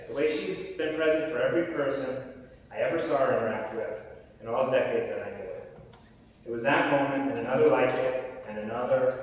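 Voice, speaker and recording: A man's voice: medium pitch, a little hiss or hum. Man giving an earnest eulogy. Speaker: eulogy speaker. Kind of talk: memorial tribute. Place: church hall. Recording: echoey hall from far off.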